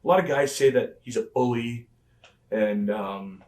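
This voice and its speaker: A man's voice: mid-range voice, a little slow, a little mellow. A man, a former pro wrestler as an interview guest, telling rambling backstage anecdotes with lots of fillers and the odd chuckle. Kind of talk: casual storytelling interview. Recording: roomy and distant from the mic.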